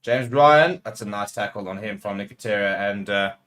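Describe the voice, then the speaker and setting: A man's voice: lowish voice, moderate pace, a bit bright. A man hosting a rugby watchalong, calling the play live and getting heated with the referee. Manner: partisan play-by-play calls. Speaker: watchalong host.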